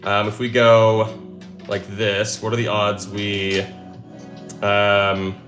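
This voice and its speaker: A man's voice: on the low side, monotone, slow pace, over music. Upbeat man thinking aloud on stream. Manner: upbeat, thinks aloud, cheers when solving. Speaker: live stream host solving puzzles. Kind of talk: excited live stream chatter.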